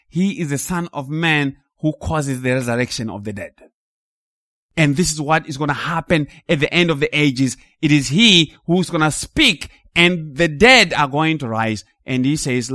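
A man preaching a sermon in an animated, emphatic way, rising to loud peaks and dropping low. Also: no room sound, studio quality.

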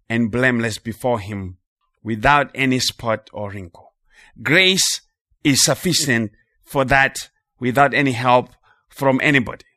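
Man giving a sermon, slow deliberate pace, bright forceful tone, dry close sound. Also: medium pitch, no room sound. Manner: emphatic, repeats phrases for stress, slows on key words. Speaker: preacher.

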